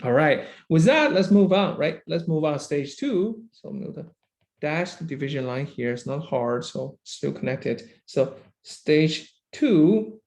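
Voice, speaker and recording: A man's voice: a little high, animated, slow, a little mellow. A man lecturing a university engineering class, who keeps checking understanding with "right?" and "okay?" and praises students by name.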